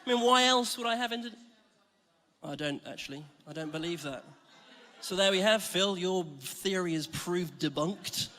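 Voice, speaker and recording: A man's voice: sits high, lively intonation, normal speed, sharp tone, a little hiss or hum. A man from Scotland giving a chatty, self-mocking sermon as a church preacher. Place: large church hall. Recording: reverberant church hall.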